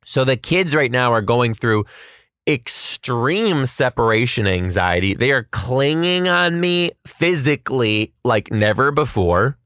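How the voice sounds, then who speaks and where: A man who teaches kindergarten, telling comedic stories about his class with animated, self-mocking asides. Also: medium pitch, measured pace, no echo, studio quality. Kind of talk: comedic storytelling vlog.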